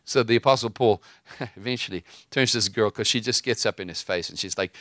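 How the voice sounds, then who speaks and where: A man's voice: medium pitch, expressive, fast, few pauses, bright, forceful tone, no echo, studio quality. A man preaching with fiery emphasis, mixing stories and casual asides with scripture. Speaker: preacher and host. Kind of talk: impassioned preaching.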